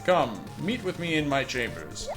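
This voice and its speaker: A man's voice: mid-range voice, big pitch swings, measured pace, music in the background. A man reading as a grand, declaiming king. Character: pompous male king holding court.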